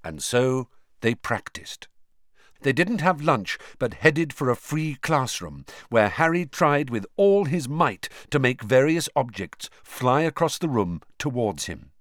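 Expressive man narrating a storybook. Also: medium pitch, unhurried, dry recording, studio quality. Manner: expressive, varied delivery. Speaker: audiobook narrator.

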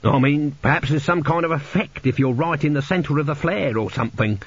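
A man's voice: fairly high pitch, big pitch swings, moderate pace, husky, dry recording, pitched above the performer's own voice. A man voicing an anxious, polite young engineer who talks earnestly and hesitantly, in a lo-fi audiobook recording. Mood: puzzled.

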